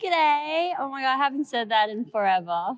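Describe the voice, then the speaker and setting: Woman guest, hesitant and soft, fillers, trailing phrases, dry close sound. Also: fairly high pitch, animated, quick pace, no room sound. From Australia. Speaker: interview guest. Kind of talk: conversational interview.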